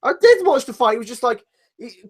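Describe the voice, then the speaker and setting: A man's voice: extremely high pitch, very animated, brisk. A man with a British accent co-hosting a live podcast, blunt, sweary and argumentative. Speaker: podcast co-host. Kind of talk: casual live podcast banter.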